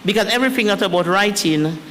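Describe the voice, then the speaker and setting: A high-voiced man with a Dominican accent, talking in a lively, chatty way at a press briefing. His voice rings with a long hall reverb over a faint hum of background noise. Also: fast. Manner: animated, chatty, breaks into song and counting. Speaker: education official.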